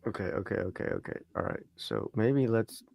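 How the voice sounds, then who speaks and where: A man's voice: fairly low pitch, moderate pace, vocal fry, a little mellow. A man co-hosting a casual sports talk stream, thinking aloud and trailing off as he works through trades. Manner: thinking aloud while running a trade simulator, trailing off and mumbling. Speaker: podcast co-host. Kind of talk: casual chat.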